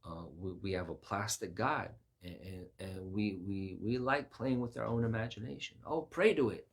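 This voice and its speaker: Man preaching, low husky voice, lots of stuttered restarts and big jumps up in pitch. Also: steady tone, moderate pace. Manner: emphatic, repeats words, voice rises sharply on quoted lines. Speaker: Christian preacher. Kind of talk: informal sermon-style talk.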